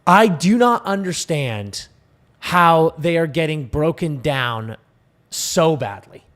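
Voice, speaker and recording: A man's voice: fairly high pitch, animated, slow pace, a bit bright. A man co-hosting a live hockey podcast, breaking down the game analytically and teasing his partner. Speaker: podcast co-host. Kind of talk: casual hockey chat.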